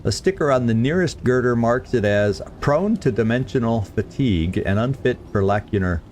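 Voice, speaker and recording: A man's voice: medium pitch, expressive, normal speed, hardly any pauses, a little mellow, slight background noise. A man streaming a game, chatting casually and stumbling over tricky words as he reads lore. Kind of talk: let's play commentary.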